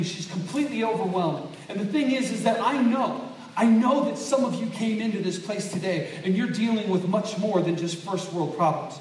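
A man preaching a sermon in a church, animated and conversational, often asking the congregation to agree. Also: high voice, normal speed, a little hiss or hum. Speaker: pastor. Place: church sanctuary. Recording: echoey room from far off.

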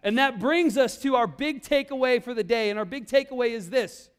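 Man, young youth pastor, very high voice, lively sermon delivery, call-and-response repetition. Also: clear, resonant tone. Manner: energetic, call-and-response, repeats key lines slowly.

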